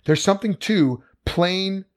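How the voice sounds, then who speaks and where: A man's voice: high-pitched, unhurried. A man co-hosting a casual podcast chat, speaking earnestly and reflectively. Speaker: podcast co-host.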